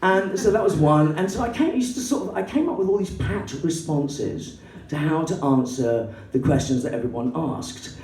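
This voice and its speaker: Excitable English woman telling a bawdy story. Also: moderate pace. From England. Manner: excitable, swearing, acting out characters in shrill put-on voices. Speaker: stand-up comedian. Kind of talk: stand-up comedy storytelling. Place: comedy club stage. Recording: roomy hall, voice from a distance, faint background noise.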